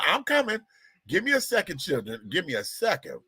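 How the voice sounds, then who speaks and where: A man's voice: sits high, huge pitch swings, brisk, sharp tone, slightly rough, no room sound. A man hosting a live-stream gossip show, sassy, theatrical and profane, chatting to viewers while he fixes his setup. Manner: talks to the audience while fixing tech. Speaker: show host.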